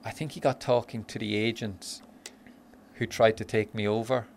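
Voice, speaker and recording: A relaxed Irish man, a footballer guest, tells stories in a dry, easygoing way. His voice is fairly low, with a faint hiss under the recording. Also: normal speed, creaky. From Ireland. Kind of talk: casual chat.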